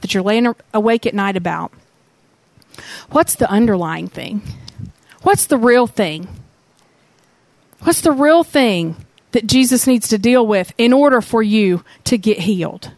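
A woman preaching a sermon, telling the story in an animated way and asking many rhetorical questions. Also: on the high side, moderate pace, no room sound.

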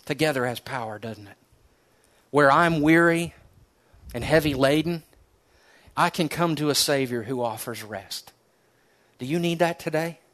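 A man preaching a sermon as pastor, telling a story earnestly and dropping to soft, hushed tones for emphasis. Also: on the high side.

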